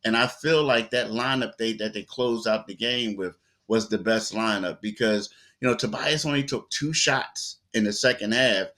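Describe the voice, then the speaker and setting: A man talks through a basketball game in a loose, conversational way. His voice is bright and forward, with repeated words and acted-out quotes as he tells the story. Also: lowish voice, normal speed. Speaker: sports reporter guest. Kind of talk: casual sports talk.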